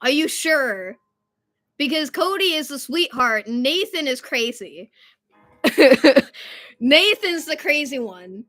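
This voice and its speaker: A young woman in her twenties hosts a casual live stream, chatting and rambling through stories and getting loud at times. Her voice is fairly high and very bright. Soft music plays quietly behind her. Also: big pitch swings, slow.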